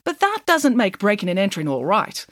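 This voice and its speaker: Woman reader as a brash, bossy pig nanny, emphatic and lively in pitch. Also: a little fast, dry recording. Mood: indignant. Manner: emphatic, self-assured. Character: bossy, indignant female flying pig nanny.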